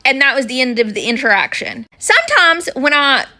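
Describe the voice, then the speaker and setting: A woman talking casually in a vlog, animated and swearing offhandedly. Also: high-pitched, fairly quick.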